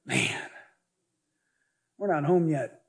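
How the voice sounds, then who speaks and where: A male pastor preaches with animated, joking energy, slipping into stories as he goes. His voice sits high for a man and has a husky edge. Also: drawn-out words. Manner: animated, jokey, storytelling preacher. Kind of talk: sermon.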